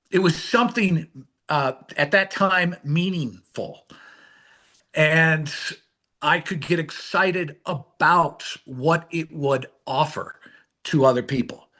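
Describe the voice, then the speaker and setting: Middle-aged male author as guest; animated storyteller with a slightly high voice. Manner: animated, swings between hushed and excited. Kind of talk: storytelling interview answers.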